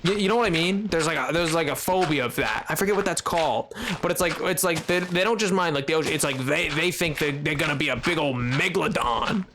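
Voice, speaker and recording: A man's voice: a little high, quick pace, few pauses, noisy background. A man chatting casually on a game stream, rambling and giggly with lots of fillers. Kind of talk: casual live-stream chat.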